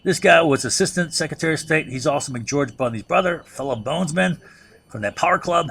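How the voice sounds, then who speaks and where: A man with a fairly high, bright voice and some vocal fry gives a loose, conversational history lecture, speaking a little fast with lively intonation. He keeps tossing in a rhetorical "right?" and often restarts or repeats words while thinking aloud. There's slight background noise.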